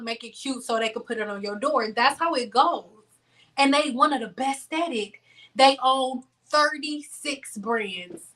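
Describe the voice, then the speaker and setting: A woman's voice: high voice, pushed and bright, far from the mic. Blunt, preachy woman host. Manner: blunt, preachy, fond of repetition. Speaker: beauty channel host. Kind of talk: livestream talk to viewers.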